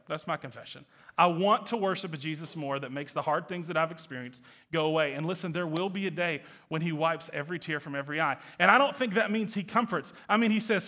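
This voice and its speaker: A male pastor delivering a sermon in a high, ringing voice with a bright, forceful edge. He speaks earnestly and swells into impassioned, near-shouted stretches. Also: fast.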